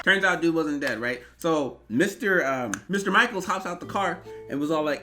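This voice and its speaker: A man in his twenties telling an animated, rambling story in a storytime vlog. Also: fairly high pitch, normal speed, few pauses, soft background music. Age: 20s. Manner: animated, rambling, bursts into yelps. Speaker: vlogger.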